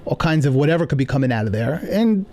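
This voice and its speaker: A man from New York telling comic stories in an indignant, animated rant on a podcast. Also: medium pitch, fast talker. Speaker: comedian podcast host.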